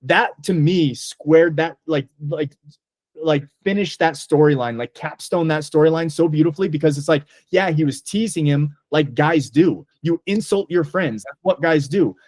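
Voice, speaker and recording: Speaking at a normal speed, this podcast co-host has a voice on the high side with a somewhat dark tone. He rambles eagerly through casual movie review chat, packing in lots of fillers, all captured as clean, dry studio audio.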